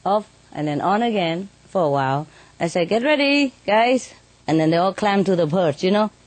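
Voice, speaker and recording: Woman with a slightly low voice telling stories about her birds, chatty and quick to laugh. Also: a little mellow, no echo. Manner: chatty, laughs often, many "you know" tags. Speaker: bird keeper telling stories. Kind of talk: casual storytelling in an interview.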